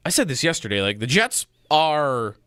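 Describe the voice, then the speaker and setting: A man's voice: medium pitch, big pitch swings, moderate pace, fairly bright tone, clear, resonant tone, no echo, clean studio sound. A man co-hosting a sports talk radio show, thinking aloud about football with frequent restarts.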